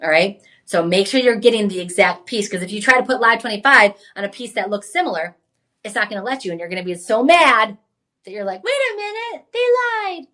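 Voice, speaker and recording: A woman hosting a live home-shopping show, pitching jewelry in an enthusiastic, chatty way with frequent exclamations. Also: expressive, brisk, bright, forceful tone. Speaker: shopping channel host.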